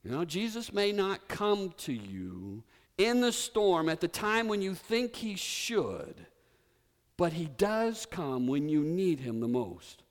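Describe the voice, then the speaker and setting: A man's voice: fairly high pitch, slow pace. A man preaching a sermon, telling a story with drama and leading the congregation to repeat words together. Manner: animated storytelling preacher, leads congregation in call-and-response. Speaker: pastor. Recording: reverberant hall.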